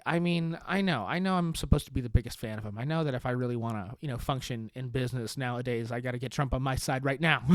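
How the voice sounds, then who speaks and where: A man hosting a podcast in a sarcastic comedic monologue, swearing and laughing at his own deadpan jokes. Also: medium pitch, no room sound, clean studio sound. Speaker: podcast host.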